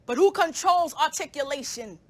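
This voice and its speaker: A woman's voice: sits high, lively intonation, normal speed, a little mellow. A young woman, a student poet, performing spoken word poetry with a rhythmic, rhyming, emphatic delivery.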